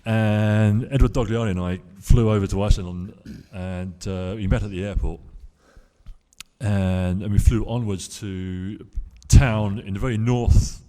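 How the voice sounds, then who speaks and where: A man's voice: fairly low pitch, steady tone, measured pace, dark tone. A man on a convention panel telling a long anecdote to a live audience, with restarts and acted-out quotes. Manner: rambling storyteller with restarts, acts out quoted voices. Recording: hall reverb.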